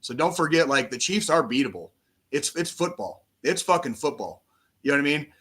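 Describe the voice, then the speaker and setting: Bright-voiced man ranting, swears a lot. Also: a little high, brisk, slightly rough. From United States. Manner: profane, animated sports ranting. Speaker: podcast co-host. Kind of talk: casual chat.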